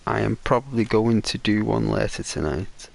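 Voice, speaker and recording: A man's voice: fairly low pitch, normal speed, vocal fry. A young man streaming a game, chatting casually with viewers, answering their messages, rambling and laughing often.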